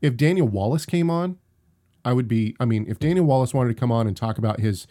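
A man's voice: medium pitch, fast talker, warm tone. A young man co-hosting a casual live-streamed podcast, talking in emphatic, rambling runs with frequent restarts. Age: young adult. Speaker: podcast co-host.

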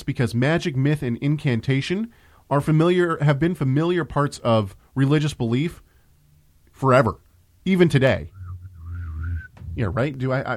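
A man hosting a podcast, chatty and full of restarts and asides as he reads out listener mail. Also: mid-range voice. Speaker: podcast host. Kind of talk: casual podcast talk.

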